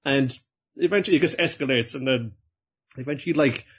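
A man chatting casually, retelling an episode in a rambling way with quick put-on voices. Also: mid-range voice, fairly bright tone, breathy edge. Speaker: podcast co-host recapping an anime. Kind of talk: casual chat.

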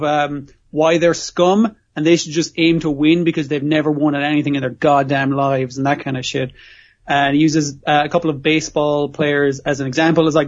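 A man's voice: on the high side, steady tone, fairly quick, muffled recording. A man co-hosting a podcast, rambling through an episode recap with constant swearing and frequent laughs. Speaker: podcast co-host. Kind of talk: casual chat recapping an episode.

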